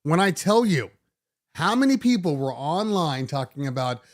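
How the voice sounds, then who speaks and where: Animated, sarcastic middle-aged man talking. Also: on the high side, moderate pace. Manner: animated, sarcastic, many restarts. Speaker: DJ podcast host. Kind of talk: casual monologue.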